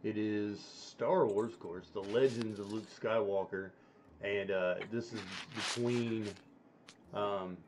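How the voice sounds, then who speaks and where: A man's voice: lowish voice, fairly even intonation, slow, slight background noise. A man hosting a casual chat, talking in a rambling way with many fillers and restarts. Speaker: stream host.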